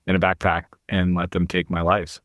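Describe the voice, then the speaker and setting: A middle-aged man with a very low, deep voice tells his story in an interview, earnest and confessional. The recording is dry and close, with no room sound. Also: monotone, moderate pace, fairly bright tone, dry recording. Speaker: podcast guest, entrepreneur.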